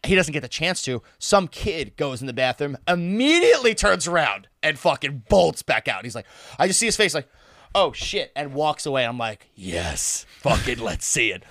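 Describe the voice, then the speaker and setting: A man's voice: fairly high pitch, sing-song, brisk, a bit bright, dry recording, studio quality. A man telling a wild party story in casual chat, laughing and swearing freely.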